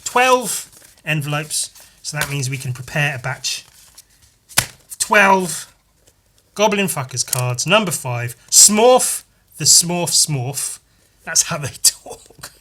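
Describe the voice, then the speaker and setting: A man's voice: fairly high pitch, bright, forceful tone, a little hiss or hum. A man hosting a podcast, rambling casually and sweary as he counts cards and envelopes aloud. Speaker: podcast host. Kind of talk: casual behind-the-scenes monologue.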